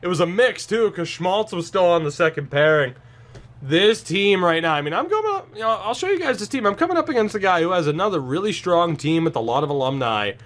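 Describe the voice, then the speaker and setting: A man giving casual commentary over his own video game match, tired and sarcastic, breaking into sudden excited outbursts. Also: sits high, brisk. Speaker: gaming YouTuber.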